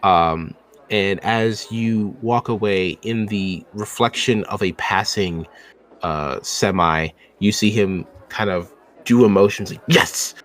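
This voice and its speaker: A man narrating a tabletop role-playing game as game master, relaxed and descriptive. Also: lowish voice, slow pace. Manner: relaxed, descriptive, some fillers.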